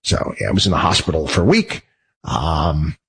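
Male host, husky, heated rambling monologue. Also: a bass voice, sing-song, moderate pace, rough recording. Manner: heated, rambling, many restarts. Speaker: show host. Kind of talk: personal monologue.

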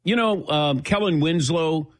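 A man in his sixties hosting a sports radio show, telling a self-mocking story with animated quoted voices. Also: a little high, unhurried. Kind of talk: casual talk radio chat.

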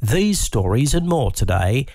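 A man's voice: medium pitch, unhurried, dry recording, studio quality. Male radio newsreader. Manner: steady formal delivery. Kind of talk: radio news bulletin.

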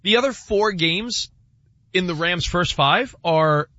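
A man on a sports talk show, animated, laughing and arguing his point. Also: sits high, slow pace, no echo, lo-fi sound.

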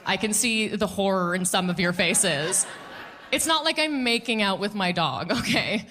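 A woman's voice: mid-range voice, animated, moderate pace, bright, forceful tone. A woman in her thirties doing a stand-up comedy set, sarcastic, punchy and self-mocking.

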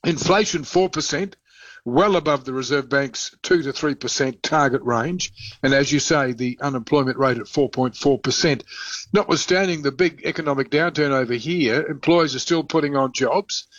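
A man reporting as a radio correspondent, blunt and colloquial, halting with fillers. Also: medium pitch, a bit bright, no room sound, muffled recording. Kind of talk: live radio phone report.

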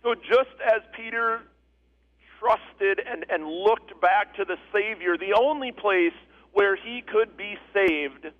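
A man's voice: high voice, takes it slowly, narrow, tinny audio. A man preaching a sermon as pastor, earnest and repeating phrases for emphasis.

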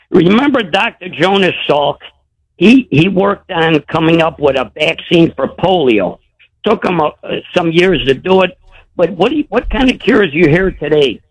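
A man's voice: high-pitched, breathy edge, low-quality recording. Man calling a radio show. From Chicago. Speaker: caller. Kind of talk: phone-in call.

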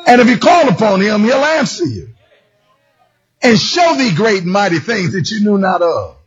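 A man preaching a sermon with a husky, rasping voice that sits high and leaps around in pitch. He often breaks into shouts and a singsong lilt. The recording sounds dull and muffled. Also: normal speed. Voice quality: raspy. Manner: animated, shouting, singsong emphasis.

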